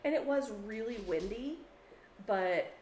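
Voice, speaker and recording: A woman co-hosting a podcast in casual chat, an animated storyteller who swears freely. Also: on the high side, unhurried, echoey room, a little hiss or hum. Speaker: podcast co-host.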